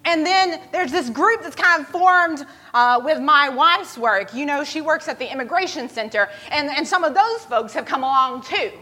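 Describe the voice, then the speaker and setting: A woman voicing a grumpy, know-it-all male theologian who gossips in a hushed way during a church skit. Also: high voice, expressive, normal speed, hardly any pauses, pitched above the performer's own voice. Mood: gossipy.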